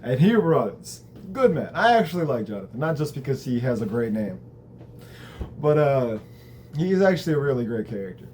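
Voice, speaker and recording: A man's voice: medium pitch, very animated, normal speed, darkish tone, slight background noise. A man hosting a show, casually recapping a TV episode in a conversational, reflective way, with the odd swear word.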